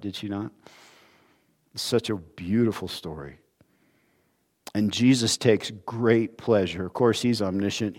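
Man, preacher, sermon, expressive, emphatic then hushed, medium pitch.

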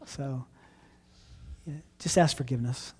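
A middle-aged man, a pastor, answering questions in earnest, relaxed talk, often restarting his phrases. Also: medium pitch, unhurried. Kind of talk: casual Q&A talk.

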